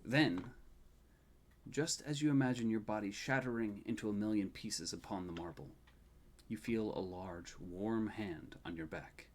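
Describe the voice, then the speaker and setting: A man narrating a tabletop game as game master, measured and soft, dropping very quiet in the sad passages. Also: lowish voice.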